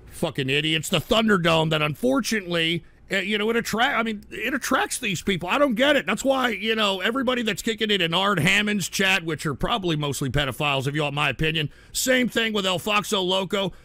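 A man's voice: high-pitched, animated, brisk, few pauses, dry recording. A man hosting a livestream, reading donations aloud and ranting angrily with a lot of profanity. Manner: profane, heated, swings into shouting. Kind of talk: angry ranting livestream talk.

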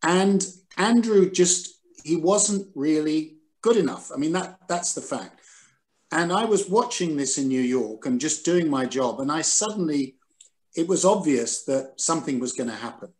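A man in his sixties, a former editor, telling stories over a video call with animated, self-deprecating energy. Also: on the high side, a little slow. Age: 60s. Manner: animated, self-deprecating, quotes others dramatically. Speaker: guest, former newspaper editor. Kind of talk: recalled anecdotes in a Zoom conversation.

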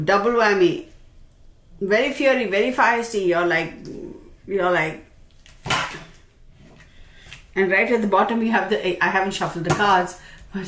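A woman giving a casual tarot reading, chatty and expressive, talking straight to the viewer. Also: medium pitch. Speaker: tarot reader. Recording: roomy with faint background noise.

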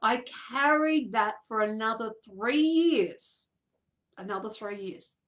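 A woman, a coach telling a personal story to an audience in an animated way, acting out quoted voices and laughing often. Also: fairly high pitch, slow.

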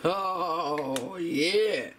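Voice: mid-range voice, drawn-out words, fairly bright tone, a little hiss or hum, poor audio. A home cooking vlogger demonstrating a recipe in a casual, chatty way in a kitchen, talking straight to the viewers.

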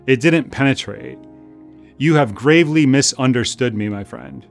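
A preacher putting on a stern male boss pronouncing judgment, grave and measured, accusing in tone, a steady mid-pitched voice, with a guitar softly behind. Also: gravelly, close to an everyday voice. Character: stern male company chief passing judgment. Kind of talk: sermon storytelling.

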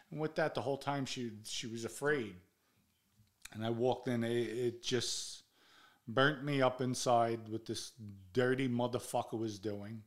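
Middle-aged New man, podcast host, blunt and fired up, swears, mid-pitched. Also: fairly even intonation, a little slow. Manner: blunt, heated, swears freely. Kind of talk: personal storytelling monologue.

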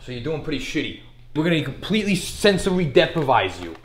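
Brash young man, lively echoey voice. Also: fairly high pitch, quick pace, a little hiss or hum. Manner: brash, rambling, yells loudly. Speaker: comedy sketch trainer. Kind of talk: comedy sketch. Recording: echoey room.

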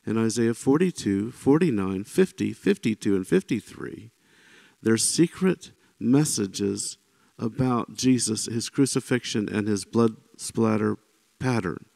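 A man leads an informal Bible teaching in a conversational, chatty way, often checking in with his listeners. His voice sits a little low and carries a gravelly rasp. The sound is dry and close, with no room around it. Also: a little slow, no room sound. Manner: conversational, often checks in with "right?" and "you know"; animated when voicing quoted speakers.

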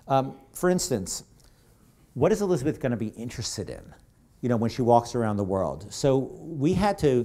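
Mellow-voiced man giving a rambling talk. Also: mid-range voice. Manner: conversational, rambling, with many asides. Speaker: game creative director giving a talk. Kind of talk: live presentation to an audience. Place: event hall on stage.

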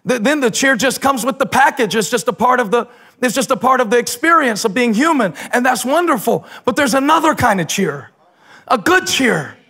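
Male pastor, high swooping voice, sermon delivery, bursts of shouted emphasis, playful asides. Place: church stage.

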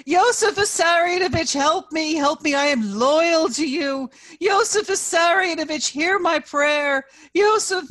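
A woman's voice: very high voice, a little slow, hardly any pauses, a bit bright, voice pushed up. A woman reading aloud and voicing a desperate old woman who screeches her pleas of loyalty. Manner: screeching, pleading.

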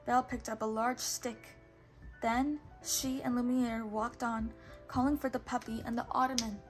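A woman's voice: fairly high pitch, normal speed, faint music behind. Woman reading a children's storybook aloud. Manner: steady, patient, occasional self-corrections. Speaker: storybook reader.

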